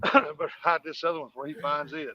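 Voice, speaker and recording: A man's voice: on the high side, level tone, racing, pushed and bright, no echo, muffled recording. A man chatting casually on a fishing livestream, telling short stories with animation. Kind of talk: casual chat.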